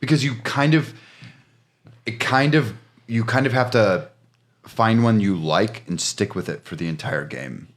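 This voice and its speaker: A man's voice: lowish voice, a little slow. A man co-hosting a casual podcast, dropping dry, joking asides. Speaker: podcast co-host. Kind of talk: casual chat.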